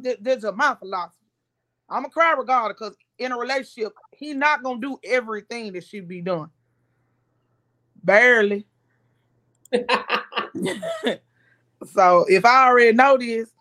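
A woman's voice: fairly high pitch, animated, moderate pace, long pauses, fairly bright tone. A woman co-hosting a casual podcast chat, opinionated and laying out her views step by step. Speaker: podcast co-host.

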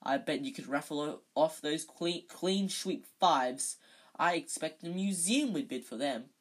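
Smug sneering boy wizard, read by a storyteller, smooth, husky edge. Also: mid-range voice, expressive, unhurried.

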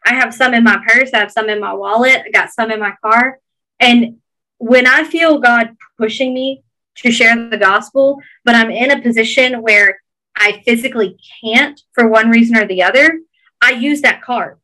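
A woman's voice: a little high, normal speed, sharp tone, low-quality recording. A woman with a Georgia Southern accent, earnestly encouraging listeners in a casual podcast chat.

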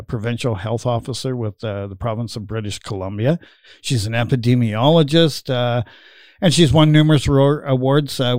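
A middle-aged man chats casually as a host, wandering through his stories with plenty of fillers and easy laughs. His voice sits at an ordinary middle pitch, recorded close and dry with no room sound. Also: a little mellow, dry recording. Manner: rambling, filler-heavy, laughs while telling stories. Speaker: podcast host. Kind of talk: casual chat.

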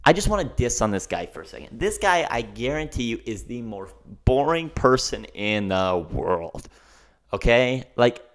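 A man's voice: on the low side, a bit bright. Ranting man with an emphatic delivery. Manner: emphatic, ranting, keeps asking "okay?". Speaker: podcast host. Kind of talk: solo podcast rant.

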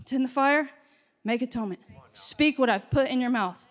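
A woman preaching a sermon with passion, her voice rising to shouts at its peaks. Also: high-pitched, normal speed, in a large hall. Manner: impassioned, builds to shouting.

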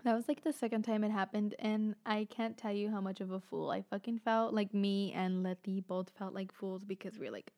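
A woman's voice: medium pitch, level tone, a little fast, few pauses, a little mellow. A young woman hosting a podcast from home at night, talking in a casual, rambling way, swearing often and leaning on "like" as filler. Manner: frank, swears often, heavy use of "like". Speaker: podcast host.

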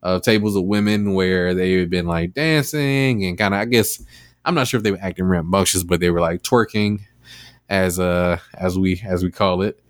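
A man with a lowish voice hosts a casual podcast, wandering through a story with plenty of ums and likes. The sound is dry and close, with no room around it. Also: normal speed, no room sound. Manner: rambling with many fillers, animated retelling. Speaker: podcast host. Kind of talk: casual chat.

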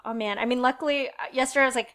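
A woman with a fairly high voice chatting on a podcast. She talks in loose, rambling sentences and often laughs at herself. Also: fairly even intonation, rapid-fire, a loud crowd. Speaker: podcast host. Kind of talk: casual chat.

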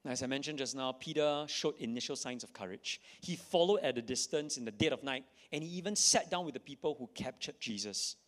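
A man's voice: mid-range voice, expressive, fairly quick, few pauses. A man preaching a sermon to a live audience, reading scripture dramatically and repeating key lines for emphasis. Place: church in front of an audience.

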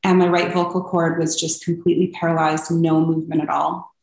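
A woman's voice: low voice, flat delivery, a little fast, vocal fry, darkish tone. A young woman telling her personal story as an interview guest, earnest and open, with frequent ums. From Canada. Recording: echoey room.

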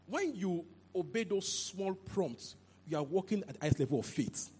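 Animated high-pitched preaching man. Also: moderate pace, husky. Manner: animated, repeats phrases, asks "you understand?". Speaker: pastor. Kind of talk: sermon. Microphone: handheld mic.

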